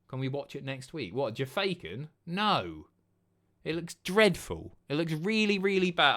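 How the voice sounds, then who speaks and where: A man's voice: on the high side, big pitch swings, a little slow, a bit bright. A man in his thirties, hosting a livestream in casual chat, with blunt, sweary, sardonic commentary. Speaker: livestream host.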